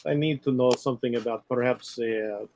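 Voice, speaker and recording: A man playing a tabletop game, asking questions in a halting way with fillers. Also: medium pitch, fairly even intonation, a little mellow, slight background noise, poor audio. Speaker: player. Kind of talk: casual tabletop game chat.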